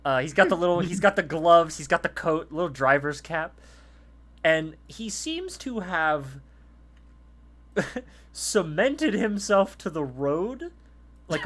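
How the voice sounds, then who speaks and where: A man's voice: a little high, pushed and bright. A man narrating a tabletop game as game master in a casual, profane way. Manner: casual, profane, laughs easily.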